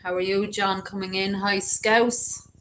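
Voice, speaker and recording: A woman hosts a casual livestream, chatting and greeting viewers by name in a mid-range, slightly bright voice with fairly even intonation and a measured pace. The recording is rough, with a little hiss or hum.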